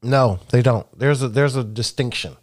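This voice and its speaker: A man's voice: medium pitch, normal speed. A man co-hosting a podcast, talking in casual chat with profane, emphatic, joking banter. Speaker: podcast co-host.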